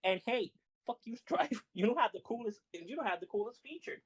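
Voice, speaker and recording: A woman co-hosting a podcast, telling fighting-game stories in animated, laughing casual chat with some swearing. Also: on the high side, brisk, slightly rough, rough recording. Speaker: podcast co-host.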